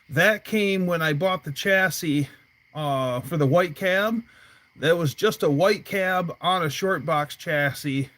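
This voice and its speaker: A man with a slightly high voice chats casually outdoors by his garage. He rambles through stories, dropping plenty of fillers along the way. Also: fairly bright tone. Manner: rambling storyteller, many fillers. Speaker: livestream host. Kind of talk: casual chat.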